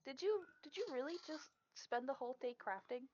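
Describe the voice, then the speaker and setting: A woman doing an eager, squeaky young cleric. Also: expressive, fairly quick, background noise. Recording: dull lo-fi audio.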